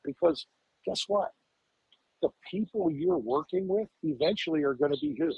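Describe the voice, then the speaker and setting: A man's voice: sits high, animated, moderate pace, creaky, slightly rough, no room sound, phone-quality sound. A man in his fifties, a fire lieutenant guest on a podcast, talking emphatically, repeating words and firing off rhetorical questions. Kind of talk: podcast interview.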